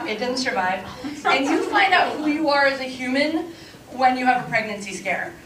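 A woman's voice: high voice, expressive, moderate pace, slight background noise. A woman in her fifties doing a stand-up comedy set, brash and confessional, laughing through her punchlines. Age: 50s. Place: stage before a live audience. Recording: echoey room from far off, loud crowd.

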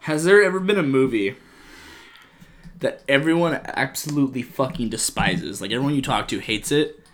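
A young man hosting a casual chat, profane and excitable, who tells stories in an animated way. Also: medium pitch, normal speed.

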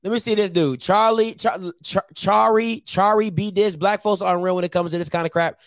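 A man's voice: high-pitched, steady tone, fairly quick, dry recording. A man hosting a call-in show, talking bluntly and confrontationally and repeating his phrases. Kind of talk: heated call-in commentary.

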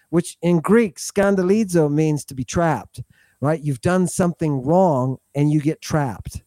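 A man with a higher-than-usual voice that sounds mellow and warm. He speaks as a podcast guest with fervent, rhetorical intensity, often tagging "right?" onto his points. The sound is close and dry. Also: a little slow, no echo. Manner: impassioned, rhetorical, repeatedly adds "right?". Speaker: guest scholar. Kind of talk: podcast interview.

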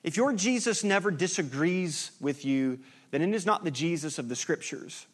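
A man's voice: fairly high pitch, lively intonation, normal speed. Man preaching a conversational, impassioned sermon. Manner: conversational, building to impassioned climax. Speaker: pastor.

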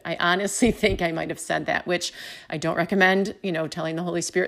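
Woman sharing a faith story, slightly low voice, acts out the dialogue. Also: normal speed, vocal fry. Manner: animated storytelling, acting out dialogue. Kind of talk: personal faith testimony.

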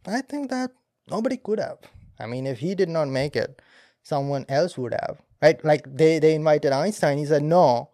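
A man's voice: fairly high pitch, expressive, normal speed, warm tone, no room sound, studio quality. A man hosting a podcast, talking casually, laughing often and explaining science step by step. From India. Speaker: podcast host.

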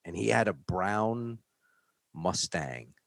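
A low-voiced man from New York tells a story in loose, casual chat. He throws himself into it and barks out the other people's lines. The sound is close and dry, with no room behind it. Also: takes it slowly, gravelly, no echo. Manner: animated, acts out shouting cops.

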